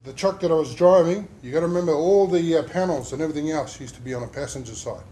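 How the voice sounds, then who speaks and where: A man's voice: a little high, quick pace, dark tone. A man telling an emotional personal story in a workplace safety talk. He rambles and uses many fillers as he speaks. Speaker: injured worker sharing his story.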